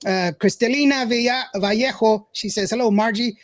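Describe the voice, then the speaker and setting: A man's voice: sits high, moderate pace, a crowd in the background. A man hosting a radio show, chatting casually, reading out viewer comments and laughing often. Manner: chatty, laughs often, stumbles over words.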